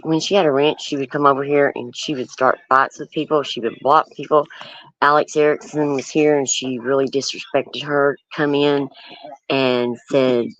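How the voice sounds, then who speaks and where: Halting livestream host with dull lo-fi sound. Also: medium pitch, no room sound. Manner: halting, many ums and restarts; earnest, firm about setting boundaries. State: nervous. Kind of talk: casual livestream talk. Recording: dull lo-fi stream audio.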